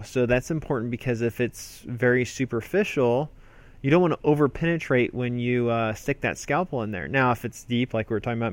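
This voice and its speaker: A man, an emergency physician, teaching a medical procedure in a conversational, explanatory way. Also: mid-range voice. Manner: conversational, explanatory, with fillers and restarts. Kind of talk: spoken medical lesson.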